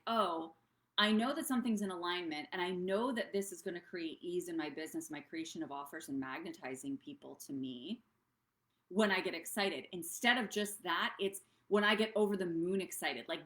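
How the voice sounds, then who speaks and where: A woman's voice: on the low side, a bit bright, echoey room. A woman coaching other business owners on a live stream, talking in a bubbly, rambling way that drifts off track. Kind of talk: casual live-stream talk.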